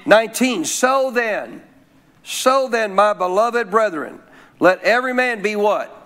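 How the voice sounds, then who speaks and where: A man's voice: sits high, lively intonation, unhurried, a bit bright. A man preaching a sermon, asking his listeners questions and having them repeat phrases after him. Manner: preaching with call-and-response questions. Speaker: pastor.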